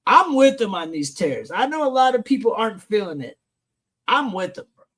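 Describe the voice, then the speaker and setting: Brash, profane live stream host. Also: male voice, high-pitched, very animated, fairly quick, a bit bright. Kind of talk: casual news rant on a live stream.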